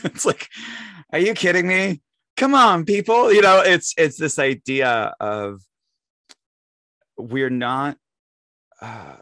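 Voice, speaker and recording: A man's voice: on the low side, dry recording, clean studio sound. A young man giving an off-the-cuff Sunday spiritual talk, conversational, breaking into exasperated quoted voices.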